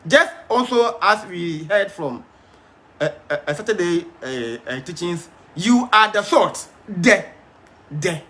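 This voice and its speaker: A male preacher gives a Bible study sermon in a high, lively, bright voice. He is emphatic, stumbles and repeats words, and stops to put questions to his listeners. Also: slow. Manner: asks the audience questions.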